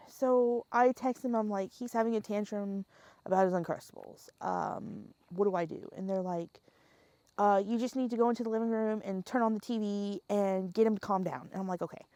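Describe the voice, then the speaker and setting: A young woman telling a story in casual podcast chat, animated and laughing often, swearing freely and acting out the scenes. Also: mid-range voice, normal speed, no room sound.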